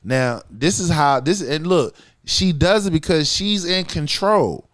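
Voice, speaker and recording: A blunt man co-hosting a casual podcast, his voice sitting somewhat high for a man. He lays out his opinions emphatically and profanely, and keeps checking that his listener follows him. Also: measured pace, fairly bright tone. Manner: blunt, profane, emphatic, keeps asking "you feel what I'm saying". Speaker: podcast co-host.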